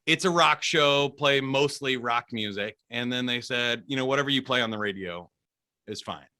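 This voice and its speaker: A man being interviewed as a guest, a DJ telling stories in an animated, chatty way with frequent laughs. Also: medium pitch, moderate pace. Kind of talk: casual storytelling interview.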